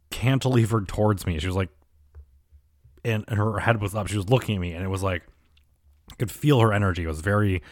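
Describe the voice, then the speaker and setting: A man's voice: low-pitched, no echo, clean studio sound. A young man hosting a show, ranting casually and crudely with lots of filler words. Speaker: commentary podcast host. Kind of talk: casual comedic rant.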